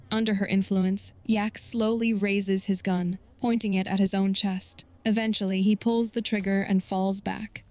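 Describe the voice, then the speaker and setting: A woman's voice: mid-range voice, a little mellow. Woman narrating a horror film recap. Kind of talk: scripted narration.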